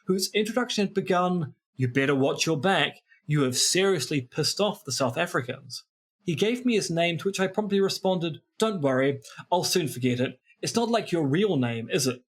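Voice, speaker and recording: A man's voice: a little high, breathy edge. A man co-hosting a podcast, reading from a book with dry, wry asides. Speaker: podcast co-host. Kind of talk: reading aloud from a book in casual chat.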